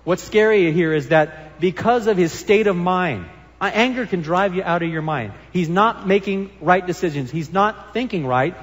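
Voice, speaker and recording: A man's voice: high voice, lively intonation, moderate pace. A man preaching a sermon as pastor, earnest and emphatic as he reads and explains scripture. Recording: long hall reverb.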